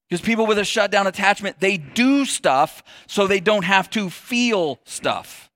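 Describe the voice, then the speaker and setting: A man's voice: high-pitched, expressive, a little slow, few pauses, fairly bright tone, dry recording, studio quality. A middle-aged man giving a sermon in a conversational, joking way and putting questions to the audience. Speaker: pastor.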